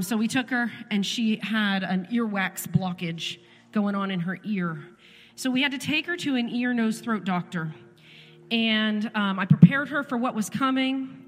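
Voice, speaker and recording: A woman in her thirties leading church worship, telling a story with earnest, emphatic repetition. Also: medium pitch. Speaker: worship leader. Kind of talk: church devotional talk. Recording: reverberant church hall with music.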